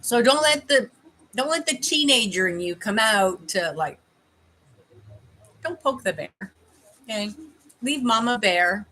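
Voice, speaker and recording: A woman's voice: fairly high pitch, animated, unhurried, long pauses, sharp tone, rough recording. A middle-aged woman from Canada doing a casual livestream as a life coach, chatting with viewers while tasting candies and giving advice.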